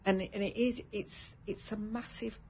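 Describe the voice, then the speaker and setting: A woman who works as a cancer care nurse, speaking in a warm, reassuring way about her patients. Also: medium pitch, steady tone, moderate pace, lo-fi sound, a little hiss or hum. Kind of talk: caring conversation.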